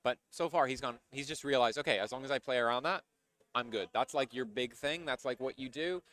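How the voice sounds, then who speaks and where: A man with a mid-range voice calls a live esports match. His play-by-play is excitable and analytical, breaking down each move as the fight unfolds. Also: medium pitch, fairly quick. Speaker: esports caster. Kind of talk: live game commentary.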